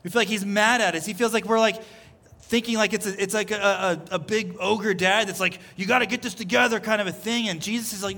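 A man's voice: high-pitched, fairly even intonation, quick pace, sharp tone. A man preaching a sermon as pastor, earnest and repeating his phrases as he builds each point. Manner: earnest, repeats phrases, voices Jesus in quotes. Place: church service.

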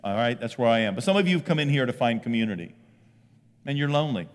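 A middle-aged man preaching a lively sermon as pastor, often breaking into loud acted voices. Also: medium pitch, fast, in a large hall. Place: church sanctuary.

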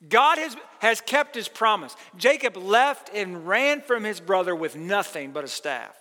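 A high, bright male voice preaches a sermon with earnest emphasis, rising as he quotes scripture. His words ring out with a long reverb that suggests a church sanctuary. He keeps a steady teaching pace. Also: a little slow, few pauses. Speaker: pastor.

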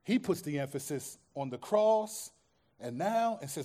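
Male pastor, high-pitched, impassioned sermon delivery, hushed lows to loud peaks, repeats lines for emphasis. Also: big pitch swings, measured pace.

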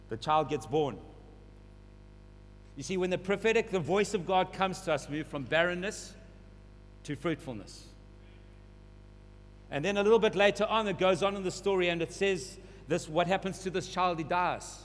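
A man's voice: fairly high pitch, moderate pace. A man preaching a sermon, repeating phrases and building to urgent emphasis. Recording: long hall reverb, faint hum.

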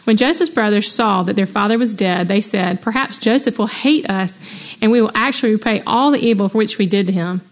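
Mom teaching women's bible study, gets excited, reads verses then chats about them, mid-pitch voice. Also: female voice, brisk. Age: adult mother. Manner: enthusiastic, conversational, exclaims and asks rhetorical questions.

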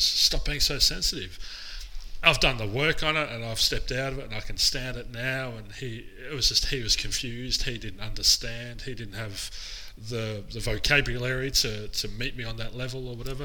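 A man's voice: mid-range voice, fairly even intonation, normal speed, pushed and bright, rough recording. A man co-hosting a podcast, talking openly and reflectively in casual chat. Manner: reflective, open, self-searching. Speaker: podcast co-host.

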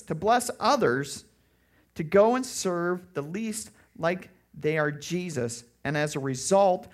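Middle-aged man, pastor mid-sermon, raspy edge to a higher voice, lively and emphatic. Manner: animated, jumps into loud mocking voices.

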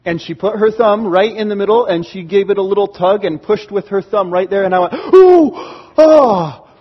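A man, a pastor, preaching a sermon and telling stories with animated, acted-out exclamations. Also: high-pitched, brisk. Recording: dull, lo-fi recording with long hall reverb.

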